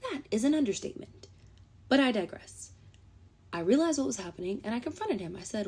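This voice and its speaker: A woman's voice: a little high, big pitch swings, a little fast, dark tone, breathy edge. A woman casually telling a dating story to camera in a playful, dramatic way.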